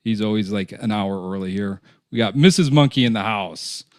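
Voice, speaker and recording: Low-voiced man hosting a live interview. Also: normal speed, no echo, clean studio sound. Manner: easygoing, reads chat names aloud. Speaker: host. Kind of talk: casual live-stream interview.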